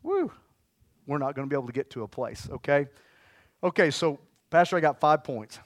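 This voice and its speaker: A man delivering an energetic church sermon in a fairly high voice. He calls out exclamations and has the congregation repeat lines back to him. The sound is dry and close. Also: fairly quick, dry recording. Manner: energetic, exclamatory, leads call-and-response. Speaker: preacher.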